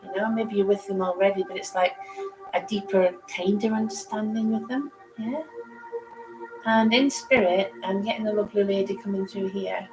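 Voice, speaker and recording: Woman reading tarot live for viewers, chatty and rambling, mid-pitched, with clear music playing behind. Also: steady tone, normal speed, poor audio. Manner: chatty, rambling, laughs easily. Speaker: psychic reader on a livestream. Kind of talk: casual livestream tarot reading.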